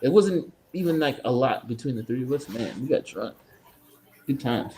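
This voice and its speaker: A man co-hosting a podcast, telling profane, animated party stories in casual chat. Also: medium pitch, moderate pace, slight background noise. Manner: profane, animated anecdotes with acted-out quotes. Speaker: podcast co-host.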